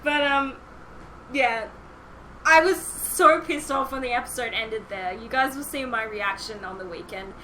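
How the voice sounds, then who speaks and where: A young woman co-hosting a casual podcast, chatty and quick to laugh. Her voice is bright and sits a little high. A faint hiss runs under the recording. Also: low-quality recording. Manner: chatty and enthusiastic, laughs often. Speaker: podcast co-host. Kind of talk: casual chat.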